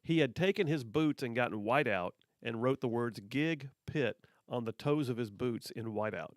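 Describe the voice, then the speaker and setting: A man's voice: medium pitch, normal speed, dry recording, studio quality. A middle-aged man hosting a radio talk show, telling stories in a casual, chatty way with many restarts. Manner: chatty, repeats words as he goes. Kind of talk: casual on-air storytelling.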